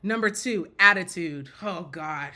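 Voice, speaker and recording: A woman with a fairly low, sharp-toned voice speaks unhurriedly, offering casual commentary that's blunt and joking. She keeps repeating and restarting phrases and often breaks into laughter.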